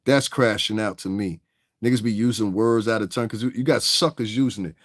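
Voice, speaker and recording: A man with a somewhat low voice rants on his livestream, angry and combative, swearing freely. The sound is dry, with no room echo. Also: a little fast. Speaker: livestream host. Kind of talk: casual livestream rant.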